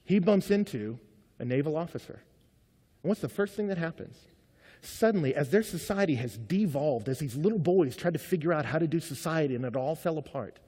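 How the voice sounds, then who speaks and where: A pastor preaching a sermon as a man, telling stories with energy and dropping from loud to hushed. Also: on the high side, a little fast, breathy edge, big-room sound. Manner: animated storytelling, swings between loud and hushed.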